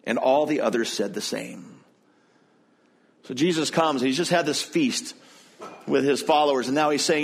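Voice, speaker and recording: A man's voice: mid-range voice, moderate pace, creaky, long pauses. A male pastor preaching a sermon in a conversational way, retelling and explaining the passage with frequent restarts and self-corrections.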